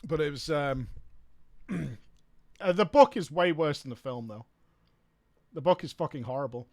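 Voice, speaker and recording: Rambling streamer, higher-voiced man. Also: lively intonation, normal speed, a little mellow. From United Kingdom. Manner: rambling, swears freely, trails off searching for words. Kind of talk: casual chat while gaming.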